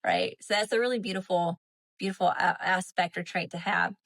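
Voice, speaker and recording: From her home, a woman with a Southern accent hosts a relaxed spiritual livestream through a phone or webcam mic. Her voice is on the low side, steady, brisk, and a bit bright; she's chatty and repetitive, tossing in "right?" and "you know?" often.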